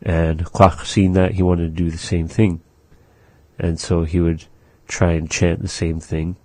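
A middle-aged man teaching a language in a relaxed chat, patiently repeating words to demonstrate their sounds. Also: low voice, a little slow, no echo.

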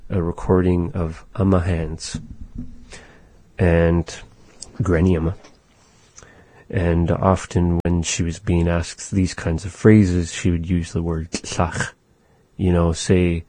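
Slow, deep-voiced man teaching a language. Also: no room sound. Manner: slow, thoughtful explaining, softly repeating phrases. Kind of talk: casual language lesson.

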